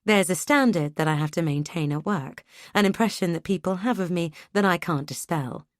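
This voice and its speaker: A woman's voice: on the low side, normal speed, dry recording, studio quality. Woman narrating an audiobook. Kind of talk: first-person audiobook narration.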